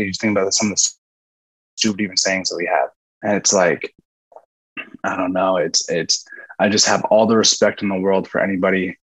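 A man's voice: fairly low pitch, low-quality recording. A young man, a former college football player, chatting as a podcast guest and telling rambling stories with fillers and laughs. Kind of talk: casual storytelling chat.

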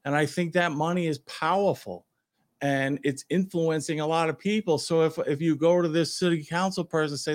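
A man's voice: a little high, fairly quick. A man with a New York accent, a retired police officer co-hosting a talk show, speaking in an emphatic, opinionated way. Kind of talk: casual talk show chat.

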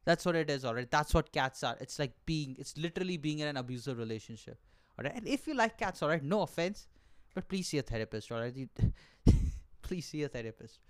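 Profane ranting man with a smooth voice. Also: fairly high pitch, lively intonation, brisk. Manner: profane, exaggerated ranting with frequent "all right?" asides. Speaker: podcast host and aspiring stand-up comedian. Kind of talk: comic monologue rant.

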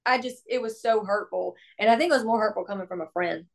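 Telling stories during a casual interview, this young adult country singer-songwriter is animated and exclamatory, voicing the characters' lines. Her mid-range voice is gravelly and her pace quick.

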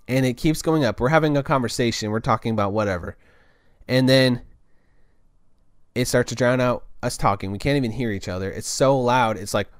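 A man's voice: medium pitch, no room sound. Rambling young man, dry close voice. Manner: rambling, loose, full of "like" and restarts. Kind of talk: casual storytelling monologue.

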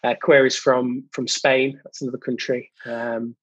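Husky man, modest and halting. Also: mid-range voice, little pitch movement, no room sound, lo-fi sound. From United Kingdom. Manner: hesitant, many ums, modest. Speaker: guest, jingle company owner. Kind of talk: casual interview chat.

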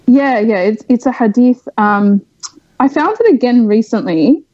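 A woman's voice: a little high, expressive, measured pace, mellow, muffled recording. A young woman from Australia, a podcast guest, speaking frankly and at length in a candid interview, with many fillers.

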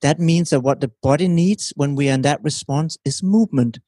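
A man giving a calm, teacherly explanation as a guest in an interview, often checking in with his listener. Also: fairly high pitch, brisk, no echo. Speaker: relationship expert guest.

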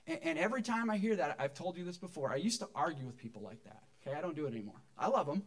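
A pastor, a man with a notably high voice, delivers a relaxed, conversational sermon in church. He jokes with the congregation as he teaches. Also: rapid-fire.

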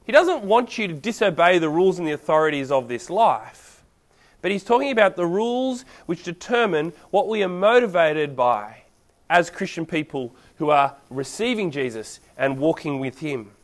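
A man delivering a sermon in a relaxed, story-driven way. His voice sits high for a man. He keeps it conversational and lively. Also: normal speed. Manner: casual, animated storytelling. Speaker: preacher.

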